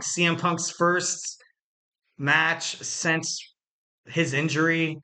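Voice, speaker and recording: A man hosts his wrestling podcast solo, his voice bright and a touch high for a man. He rambles in a loose, joking way, full of fillers and quick self-corrections. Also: flat delivery. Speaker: podcast host. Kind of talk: casual wrestling podcast monologue.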